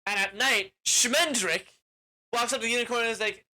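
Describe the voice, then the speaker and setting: Guy rambling thru a movie recap, lots of likes, bright sharp voice. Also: very high-pitched, normal speed, low-quality recording. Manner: rambling, laughing, full of fillers. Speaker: movie reviewer.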